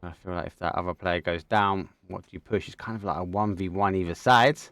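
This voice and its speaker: Excitable Essex man casting esports. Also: low voice, a little hiss or hum. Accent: Essex English. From England, Essex. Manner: excitable, quick bursts with slang like mate and bro. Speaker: esports caster. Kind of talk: live game commentary.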